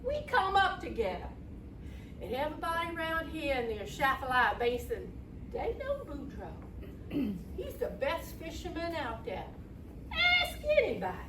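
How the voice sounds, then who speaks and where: A woman voicing a chatty, excitable male sheriff in a rambling folksy drawl, recorded from far off in a roomy, noisy hall. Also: very high voice, normal speed, exaggerated voice. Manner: rambling, bursts into excited shouts.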